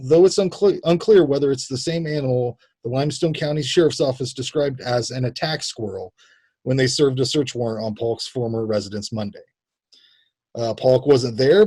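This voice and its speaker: A man's voice: medium pitch, dark tone, breathy edge. A man co-hosting a live comedy stream, reading strange news stories aloud with frequent laughs. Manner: laughs often, slips into mock Southern drawl for bits. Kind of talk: casual comedic banter. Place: home studio, live stream.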